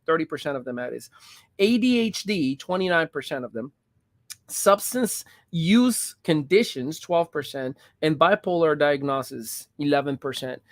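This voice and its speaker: A man hosting a talk show panel, with a fairly high voice for a man. He speaks candidly and with emphasis, sharing personal stories before handing off to guests. The sound is dry and close. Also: dry recording. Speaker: host.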